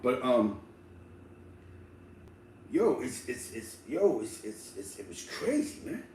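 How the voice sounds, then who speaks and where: A man telling a street story in slangy, animated casual talk, laughing and acting out the people in it. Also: mid-range voice, slow, a little hiss or hum. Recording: roomy echo, distant mic, faint ambience.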